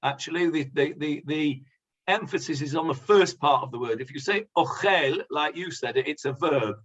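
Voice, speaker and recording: A man, a rabbi, leading a conversational Bible class, pausing with many fillers and asking the class questions. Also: a little high, a bit bright. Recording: dull lo-fi sound.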